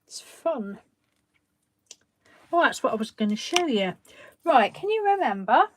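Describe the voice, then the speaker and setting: A woman's voice: fairly high pitch, sing-song, measured pace, slight background noise. A woman, hosting a craft live stream in a chatty, rambling way, laughing often. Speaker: craft channel host. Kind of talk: casual live-stream chat.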